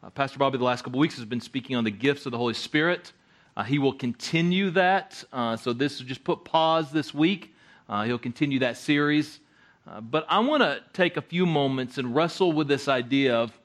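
A man preaching a sermon in a loose, conversational way. He often stalls and repeats words, then pushes on. His voice sits a little high for a man. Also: lively intonation, normal speed, fairly bright tone. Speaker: guest preacher.

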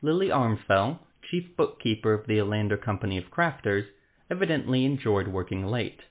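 Male narrator, fantasy story reading, measured and dramatic, lowish voice, tinny phone-like sound. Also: lively intonation.

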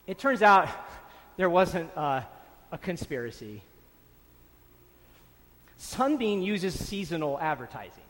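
Man preaching, high voice, emphatic, repeats phrases, long hall echo. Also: sing-song, takes it slowly, pauses often, a bit bright. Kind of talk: sermon.

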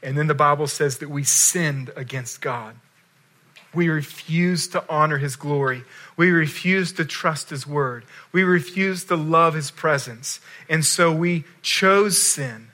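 A male pastor preaching a sermon, telling a story with swings between loud emphasis and hushed lines. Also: a little high, a little slow.

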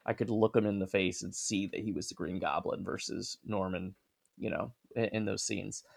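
A man's voice: lowish voice, fairly even intonation, normal speed, gravelly. A man in casual chat, giving his opinions in a loose, rambling way.

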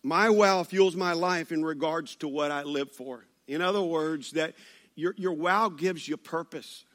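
Bright, high-voiced pastor preaching. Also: male voice, unhurried. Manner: animated storytelling with playful asides. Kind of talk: sermon.

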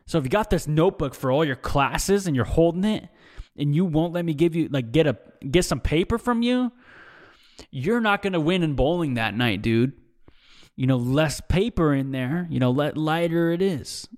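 A man's voice: fairly high pitch, expressive, moderate pace, a little mellow. A young man hosting a podcast, talking in a casual, rambling monologue. He swears freely and keeps tacking "dude" and "bro" onto the ends of his sentences. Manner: profane, rambling, says "dude" a lot. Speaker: podcast host. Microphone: desk mic, seen drinking on video.

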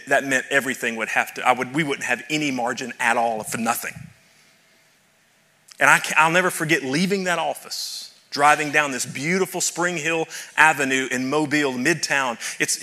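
A man's voice: mid-range voice, bright, forceful tone. A man preaching a sermon as pastor, telling a story to his congregation and building to fervent emphasis. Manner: addresses audience directly.

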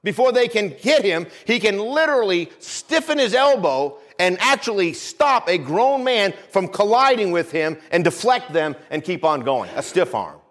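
A man preaching a sermon with emphasis, repeating phrases, dropping low and quiet for weight, and calling out for the congregation's amens. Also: big pitch swings, normal speed, few pauses. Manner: emphatic, repeats phrases, calls for "Amen?" responses.

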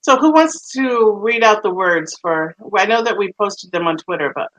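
A woman's voice: mid-range voice, animated, moderate pace, fairly bright tone, poor audio. Wry woman podcast co-host. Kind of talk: casual chat, introducing segments.

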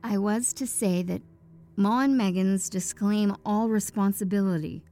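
A woman voicing a hushed, stiff messenger. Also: mid-range voice, measured pace, soft background music, lightly acted. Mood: formal. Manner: hushed, hesitant and formal. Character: uneasy formal male messenger, stiff and sombre.

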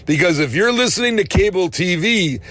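A man preaching a sermon, animated, rising to shouts and slowing down hard on key phrases. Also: sits high, slight background noise.

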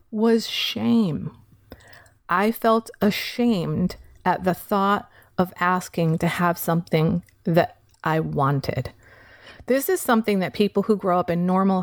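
A woman telling a personal recovery story in a candid monologue, swearing casually and shifting between quick recounting and slow emphasis. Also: lowish voice, no echo, studio quality.

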